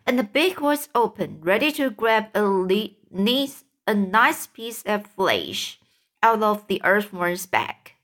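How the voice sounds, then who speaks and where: A woman reading a children's storybook aloud, slow and careful, with occasional slips. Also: mid-range voice, a bit bright. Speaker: reader.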